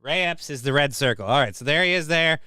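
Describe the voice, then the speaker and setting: A man's voice: fairly high pitch, expressive, fast, sharp tone, no room sound, studio quality. A man hosting a livestream, chatting casually, cracking crude jokes and reading chat aloud. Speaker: livestream host.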